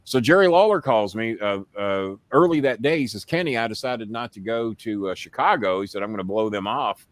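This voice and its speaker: A male host spins a story on a live show in a casual, profane, rambling way, and his voice jumps up loud and high when he acts out his own lines. The sound is dry and close. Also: fairly quick, few pauses, no room sound. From United States. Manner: profane, animated, shouts when quoting himself.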